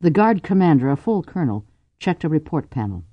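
A man narrating a novel in a measured, dramatic audiobook reading. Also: a little high, big pitch swings, no echo, dull audio. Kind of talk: scripted narration.

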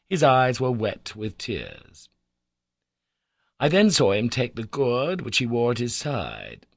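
A man narrating a classic adventure novel in a measured, expressive reading voice. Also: lowish voice, dry recording, clean studio sound. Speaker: audiobook narrator. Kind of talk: scripted narration.

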